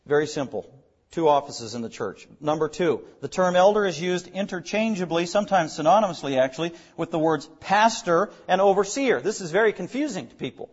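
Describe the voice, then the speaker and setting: High-voiced pastor teaching a sermon. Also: male voice, animated, normal speed, muffled recording. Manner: explanatory teaching, emphatic repetition.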